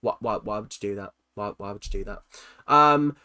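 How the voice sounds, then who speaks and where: Teasing young Londoner chatting on stream. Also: male voice, fairly low pitch, bright, forceful tone, smooth. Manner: teasing, self-mocking, quick jokes with frequent ums. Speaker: livestream host. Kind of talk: casual livestream chat reading comments.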